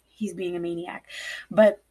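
A woman's voice: lowish voice, warm tone, slightly rough. A young woman and mother telling a personal story casually, rambling with lots of "like" and cursing freely. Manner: rambling, frequent "like", swears freely.

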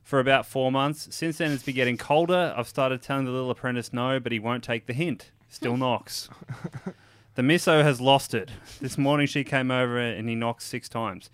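A man's voice: medium pitch, normal speed, few pauses, fairly bright tone, clear, resonant tone, no echo. A man co-hosting a podcast, reading listener messages aloud and stumbling over the words. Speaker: podcast co-host. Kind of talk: casual podcast banter, reading listener mail.

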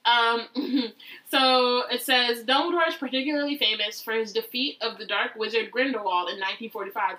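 Woman co-host, bright, slightly high voice, sarcastic and chatty. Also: moderate pace, poor audio. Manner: chatty, sarcastic, laughs often. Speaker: podcast co-host. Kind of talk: casual chat.

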